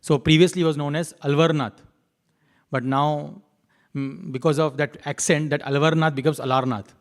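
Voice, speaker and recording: A man giving a devotional temple class, chanting verses and telling stories in an unhurried way, repeating his key lines. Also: a little high, steady tone.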